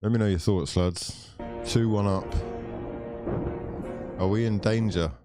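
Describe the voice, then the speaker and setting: A man's voice: lowish voice, measured pace, music in the background. A young man streaming a live football watchalong, ranting, swearing and bantering with his viewers. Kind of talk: live watchalong commentary and chat.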